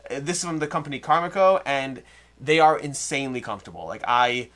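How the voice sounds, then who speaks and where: A man co-hosting a casual board game chat, talking in a quick, rambling, chatty way about games his kids enjoy. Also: medium pitch, expressive, fairly bright tone. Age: adult parent. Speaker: board game channel co-host.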